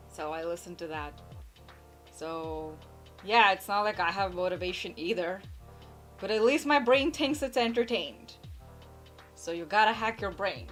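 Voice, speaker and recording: A woman from India who runs a channel, giving blunt, playful advice to viewers in a casual chat from home, laughing easily. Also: on the low side. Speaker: YouTuber answering viewer questions.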